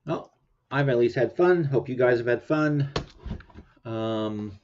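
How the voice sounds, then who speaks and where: A man's voice: medium pitch, takes it slowly, darkish tone. A man hosting a livestream in casual chat, rambling and laughing often while sleepy and yawning. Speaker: livestream host. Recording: dull lo-fi stream audio.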